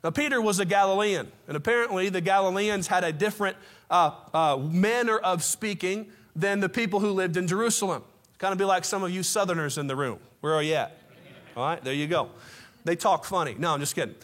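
A man's voice: high voice, a little fast. A man preaching a sermon to his congregation, impassioned, with folksy asides to the room. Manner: impassioned, rising to near shouts. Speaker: pastor.

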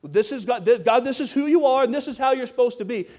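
Preacher man with a high voice, hammering points over and over, pushing the church to answer back. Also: expressive, fast talker, a little mellow. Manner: emphatic, repetitive, prodding the congregation. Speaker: pastor. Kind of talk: sermon. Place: church service.

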